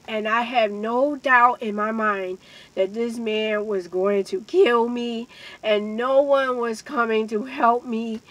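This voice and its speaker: A woman's voice: fairly high pitch, low-quality recording. A woman vlogger earnestly telling a personal story to her viewers, speaking emphatically and addressing them directly. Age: adult with a child. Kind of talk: emotional storytime monologue.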